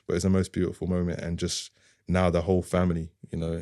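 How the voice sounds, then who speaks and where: A middle-aged man talks as a podcast guest, his voice sitting very low. He tells a personal story with earnest, heartfelt feeling and acts out the things people said to him. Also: completely flat delivery, fast, dark tone, no room sound, clean studio sound. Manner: earnest, heartfelt, often retells dialogue.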